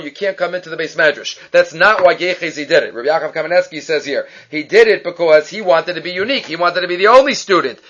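Bible teacher, male, higher voice, animated storyteller who acts out the characters, recording a little muffled. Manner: acts out characters' lines in quick voices, peppers English with Hebrew terms. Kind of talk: lively storytelling lesson.

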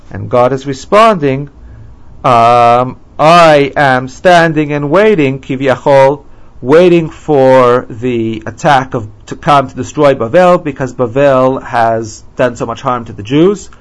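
A man giving a lecture on scripture. He reads Hebrew verses aloud, translates them and explains them in a measured way with frequent ums. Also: mid-range voice. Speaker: Bible teacher.

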